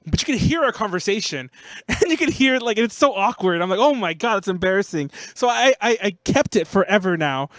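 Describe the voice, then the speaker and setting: Casting: high-pitched man, podcast host, rambling and chatty, dry close mic. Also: fairly bright tone, dry recording. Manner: rambling storytelling, heavy use of "like". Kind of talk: casual podcast chat.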